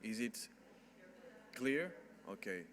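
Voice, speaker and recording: A man running a casual sound check at a conference lectern, talking haltingly with restarts while testing the microphone from a short distance. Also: medium pitch, sing-song, a bit bright, a little hiss or hum. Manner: halting, with many restarts and fillers. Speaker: event organizer testing microphones.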